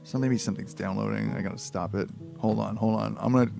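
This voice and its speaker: A man's voice: lowish voice, fairly even intonation, fast, gravelly, over music. A man live-streaming a book reading, breaking off into rambling, profane, incredulous asides.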